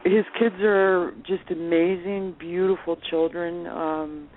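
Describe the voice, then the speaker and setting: A woman telling lively anecdotes as a phone-in guest, laughing often as she talks. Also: on the low side, slow pace. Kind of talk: casual storytelling on a phone interview. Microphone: telephone. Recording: tinny phone line with faint hiss.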